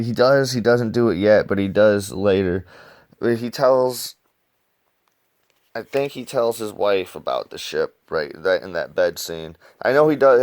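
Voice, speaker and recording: Slangy, rambling man with a smooth voice. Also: fairly low pitch, a little mellow, dry recording, clean studio sound. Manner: slangy, rambling, says dude a lot; swearing freely. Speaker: comic reviewer. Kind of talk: casual comic review chat.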